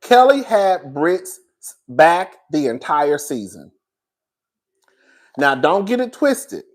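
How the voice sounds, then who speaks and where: A man's voice: a little high, big pitch swings, slow pace. A man giving a casual, opinionated review of a reality show, sassy and blunt, calling his viewers girl and baby. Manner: blunt, swears freely. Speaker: reality TV commentator.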